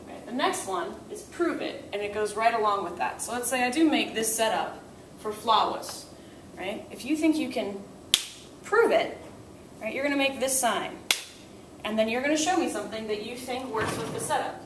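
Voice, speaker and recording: This young language teacher talks briskly and expressively in a fairly high voice, breaking methods into steps and tagging on "right?" to check in. She sits far from the mic in an echoey room, with background noise behind her.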